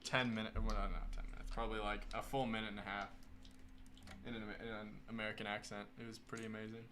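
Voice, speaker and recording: An upbeat man chats casually while hosting a live building stream. His voice is bright and forward, with an enthusiastic, easygoing delivery. A faint hiss sits under the recording. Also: lowish voice, level tone, fast talker.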